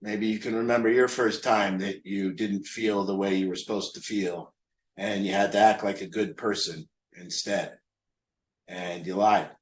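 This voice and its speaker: A man's voice: fairly low pitch, steady tone, moderate pace, reverberant, poor audio. A man leading a recovery group, talking candidly and mocking himself, asking rhetorical questions. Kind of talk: group talk on a call.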